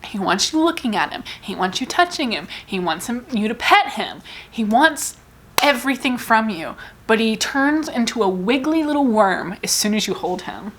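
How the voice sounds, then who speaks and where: A woman's voice: fairly high pitch, very animated, moderate pace, fairly bright tone. Chatty rambling woman book vlogger. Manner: chatty, rambling, self-deprecating. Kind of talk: casual rambling chat.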